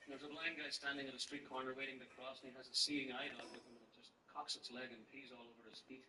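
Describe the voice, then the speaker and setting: A man's voice: medium pitch, flat delivery, fast, a crowd in the background. A man performing a stand-up comedy routine with a punchy, joke-telling delivery. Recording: roomy distant recording with background noise.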